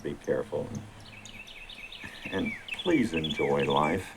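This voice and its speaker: Deep-voiced man, defensive and insistent. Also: lively intonation, slow, a little hiss or hum. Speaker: father. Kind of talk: tense personal conversation.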